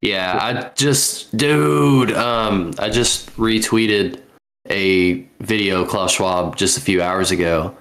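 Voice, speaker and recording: A man's voice: lowish voice, slow pace, a bit bright. A young man co-hosting a podcast, talking bluntly in casual chat with hesitant fillers and free swearing. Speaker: podcast co-host.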